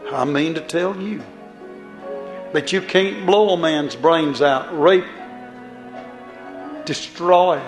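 A man's voice: fairly high pitch, reverberant. A man preaching a fiery sermon, pleading and throwing rhetorical questions at the congregation.

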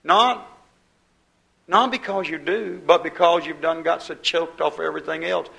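Male pastor, fiery sermon delivery, slightly high gravelly voice. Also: fairly even intonation, moderate pace, sharp tone, low-quality recording. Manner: preaching with swelling emphasis and quoted scripture.

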